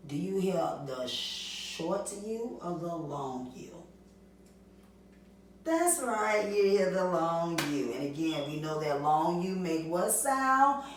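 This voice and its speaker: A woman teaches young children a reading lesson, posing sing-song questions and answering them herself. Her voice is on the low side with lively intonation and a slow pace, picked up by a distant mic in a very echoey room with slight background noise.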